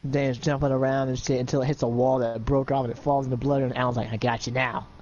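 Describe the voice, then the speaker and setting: A man's voice: mid-range voice, little pitch movement, fast, warm tone, muffled recording, a little hiss or hum. A man improvising an adventure story for a friend in casual voice chat, rambling with lots of fillers and checking in with the listener.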